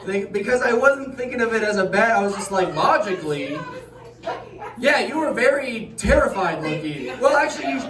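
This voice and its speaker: Rambling deadpan man on a club stage. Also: high voice, moderate pace, recorded from a distance. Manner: deadpan, rambling, self-deprecating. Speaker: stand-up comedian. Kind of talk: stand-up set. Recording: roomy club sound with crowd laughter.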